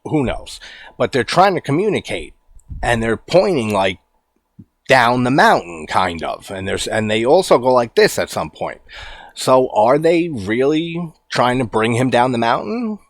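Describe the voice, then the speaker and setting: A man giving a casual, animated movie commentary, incredulous and quick to swear and laugh. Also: medium pitch, dry recording. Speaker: horror movie reviewer.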